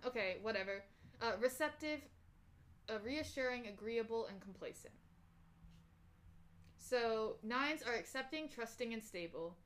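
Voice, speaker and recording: A woman's voice: fairly high pitch, expressive, unhurried, long pauses, fairly bright tone. A young woman co-hosting a podcast, chatting casually and reading personality test results aloud. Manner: reads aloud with fillers and restarts, laughs easily. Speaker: podcast co-host.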